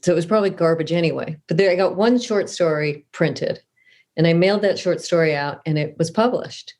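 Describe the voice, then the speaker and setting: Brisk and a little mellow, with a lowish voice, this woman is a middle-aged Southern Californian author. She's the guest in a relaxed interview, spinning stories in a chatty, self-mocking way with many restarts.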